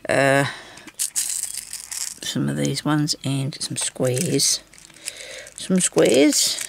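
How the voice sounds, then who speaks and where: A woman's voice: low-pitched, extremely slow, vocal fry, a little hiss or hum. A woman hosting a craft tutorial, chatting casually and reassuringly while she beads and talks to herself as she works. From Australia.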